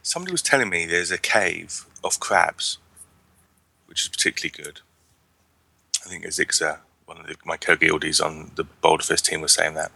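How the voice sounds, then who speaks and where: A man's voice: sits low, moderate pace, creaky, pushed and bright, dry recording. A man co-hosting a casual podcast chat, wry and rambling, with frequent restarts. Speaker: podcast co-host.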